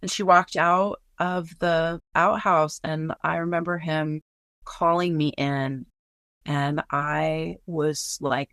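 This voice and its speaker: A woman's voice: low-pitched, steady tone, takes it slowly, fairly bright tone, clean tone, no echo, clean studio sound. A woman recounting a personal story in casual, blunt speech, swearing freely and filling with "like".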